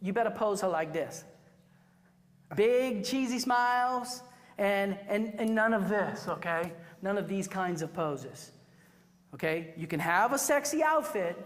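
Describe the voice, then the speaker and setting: Woman teaching a photo class, chatty, acts out little scenes, big echoey hall sound. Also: mid-range voice. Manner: animated, chatty, acts out quotes with asides to the class. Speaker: photography instructor. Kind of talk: workshop teaching to a live class. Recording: reverberant hall recording.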